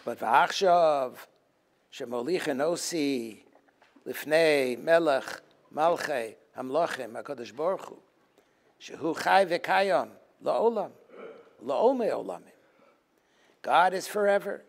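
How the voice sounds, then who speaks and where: Animated rabbi teaching Talmud. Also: male voice, on the high side, slow pace, long pauses. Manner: switches between Hebrew text and English explanation, animated and emphatic. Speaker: rabbi teaching a Tisha B'Av program. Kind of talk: Talmud lecture.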